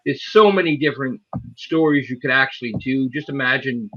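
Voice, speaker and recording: A man's voice: mid-range voice, a little fast. American man, podcast guest, earnest, argues at length, dull lo-fi audio. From United States. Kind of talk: casual podcast discussion.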